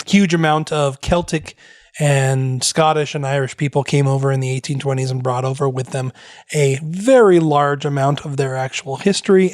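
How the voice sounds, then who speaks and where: A man's voice: mid-range voice, darkish tone, no echo, clean studio sound. A man co-hosting a podcast, chatting casually and joking, with frequent laughs. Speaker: podcast co-host. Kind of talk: casual chat.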